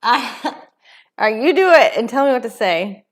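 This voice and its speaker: A woman's voice: fairly high pitch, expressive, moderate pace. A woman co-hosting a live stream, chatting casually in a bashful, giggly way. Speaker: co-host of a live cooking stream.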